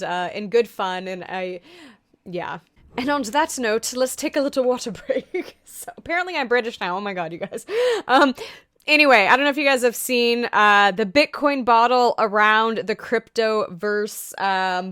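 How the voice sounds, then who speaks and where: A woman's voice: mid-range voice, fairly bright tone, clean tone, dry recording, studio quality. A young woman chatting casually to camera about crypto news, upbeat, with many fillers and asides. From Canada and the US.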